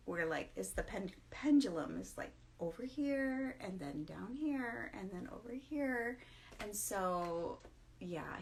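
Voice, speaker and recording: A woman's voice: mid-range voice, gravelly. A middle-aged woman hosting a casual morning vlog, tired, chatty and self-mocking, laughing often as she talks. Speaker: vlog host.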